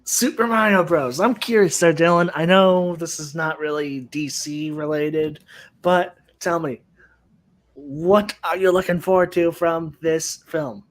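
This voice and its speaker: A man hosting a casual chat show, relaxed and quick to laugh. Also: on the high side. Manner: laid-back, laughing easily. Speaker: host.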